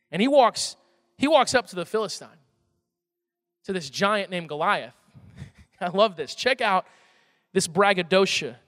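A pastor preaching a sermon, animated and conversational, with emphatic outbursts. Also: male voice, high voice, studio quality. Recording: reverberant hall, faint music.

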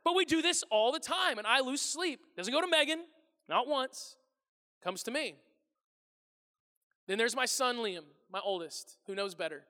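A man in his thirties, a pastor telling funny stories about his family in a sermon, animated and self-deprecating, acting out his household's voices. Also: very high voice, moderate pace, pauses often, long reverb tail. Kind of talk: humorous sermon storytelling. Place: large church hall before a congregation.

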